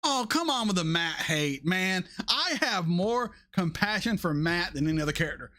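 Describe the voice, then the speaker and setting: A man in his thirties hosting a casual chat, answering viewer questions in a blunt, animated way and swearing freely. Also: high-pitched, moderate pace. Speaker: reaction channel host.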